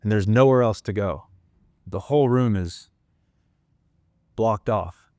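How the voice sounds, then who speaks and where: Low-ish guy talking you through a story, earnest and casual, dry close sound. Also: slow pace, a little mellow, no room sound. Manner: earnest, casual, second-person storytelling with swearing. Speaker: podcast host. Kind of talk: reflective storytelling monologue.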